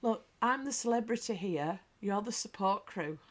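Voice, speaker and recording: A British woman hosts a live stream in a chatty, bantering way. She reads out viewer comments as she goes. She tells anecdotes with lively storytelling at a middle pitch. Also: normal speed. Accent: British English. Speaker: livestream host. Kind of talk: casual live chat.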